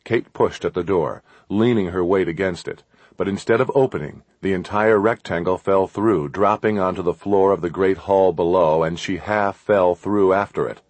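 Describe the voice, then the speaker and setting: A man narrating an adventure audiobook in a steady, measured storytelling manner. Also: deep voice, no room sound.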